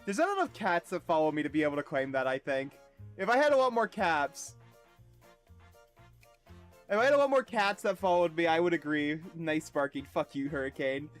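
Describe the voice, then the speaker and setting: This is casual livestream chatter from a man playing a video game, his slightly high voice carrying lively intonation above faint music. He curses freely, pokes fun at himself and fires off quick comments to his viewers.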